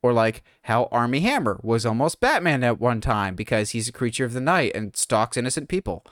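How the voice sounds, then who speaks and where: A man co-hosting a podcast in casual chat, animated and jokey, slipping into quick impressions of others. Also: medium pitch, no echo, clean studio sound. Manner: animated, jokey, mimics others in quoted asides. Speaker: podcast co-host.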